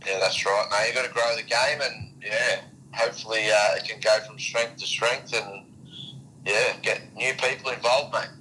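An easygoing Australian man chats about local sport in a low but bright, forward voice. A faint hiss sits under his line. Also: steady tone, normal speed, low-quality recording. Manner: easygoing, agreeable. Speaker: sports radio co-host. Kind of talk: casual sports chat.

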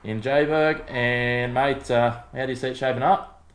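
A man's voice: medium pitch, moderate pace. A man with an Australian accent co-hosting a casual sports podcast, rambling matily with lots of fillers. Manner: relaxed, matey, rambling with fillers. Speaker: podcast co-host.

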